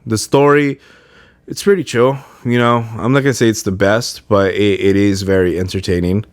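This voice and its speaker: A man's voice: lowish voice, fairly even intonation, normal speed, no echo. A man hosting a podcast in casual chat, rambling with many fillers and restarts. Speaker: podcast host.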